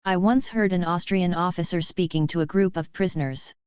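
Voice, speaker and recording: A woman reading a memoir aloud as narration, in a steady, measured way. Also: lowish voice, clear, resonant tone, dry recording, dull audio. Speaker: audiobook reader. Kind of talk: scripted narration.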